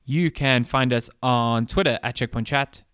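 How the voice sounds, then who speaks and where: A man co-hosting a gaming podcast, chatting in a laid-back way with casual swearing and sentences that trail off. His voice sits at an ordinary middle pitch. The sound is dry and close to the mic. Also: moderate pace, a bit bright, clear, resonant tone, dry recording. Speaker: podcast co-host.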